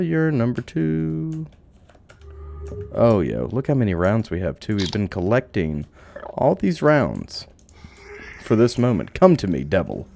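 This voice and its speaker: A man giving animated let's play commentary, exclaiming and joking as he plays. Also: sits low, vocal fry. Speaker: game commentator.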